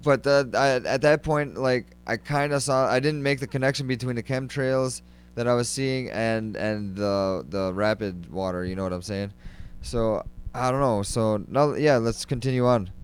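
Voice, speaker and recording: A man's voice: medium pitch, fairly even intonation, normal speed, clear, resonant tone. A man hosting a casual interview, rambling with lots of "like" and fillers.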